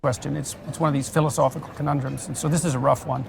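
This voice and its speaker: A man in a public discussion who lays out thought experiments in a deliberate, measured way. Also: a little high, little pitch movement, creaky, slight background noise. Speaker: guest on a public talk.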